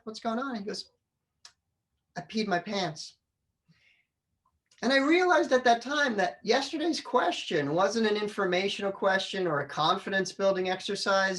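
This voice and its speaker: Middle-aged man, funny storytelling speaker, lively and animated. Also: high-pitched. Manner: animated storyteller, acts out family voices. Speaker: public speaker. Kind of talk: humorous storytelling speech. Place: club meeting room.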